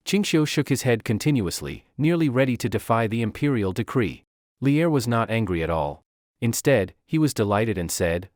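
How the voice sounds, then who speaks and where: Male recap narrator, expressive mid-pitched voice, dry close mic. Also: moderate pace, dry recording.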